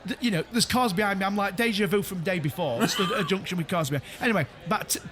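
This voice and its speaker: A man's voice: high-pitched, rapid-fire, over music. A man, co-hosting a casual chat among friends and telling a rambling story full of restarts and laughter. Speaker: podcast co-host.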